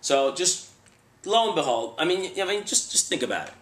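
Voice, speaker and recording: Male storyteller, casual and animated, reverberant room sound. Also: fairly high pitch, normal speed. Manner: animated, acts out voices in quotes. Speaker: bail enforcement agent.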